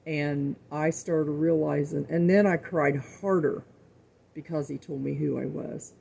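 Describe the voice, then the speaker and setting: Middle-aged woman, gravelly and mellow, folksy faith talk to viewers, says things twice. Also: sits low, steady tone, a little slow, dull audio. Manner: earnest, folksy, repeats words for emphasis. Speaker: cooking show host.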